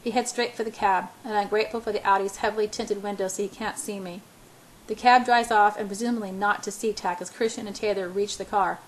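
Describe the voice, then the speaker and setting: A woman's voice: medium pitch, steady tone, a little fast, a little hiss or hum, low-quality recording. A woman reading a first-person novel aloud, often stumbling and restarting words. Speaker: audiobook reader.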